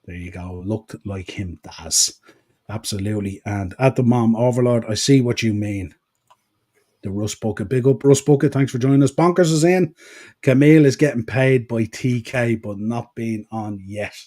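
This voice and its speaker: A man's voice: mid-range voice, normal speed, warm tone. A man with an east-coast Irish accent, hosting a wrestling podcast and chatting casually while reading out viewer comments. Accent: Irish, east coast Dublin-Wicklow. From Ireland. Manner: chatty, rambling, with fillers. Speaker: podcast host.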